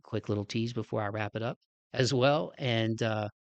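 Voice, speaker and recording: In a casual podcast outro, the male host speaks at a fairly low pitch and normal speed, with no room sound. His voice is nasal and blocked-up, he's slightly short of breath, and he rambles earnestly, frequently adding "man."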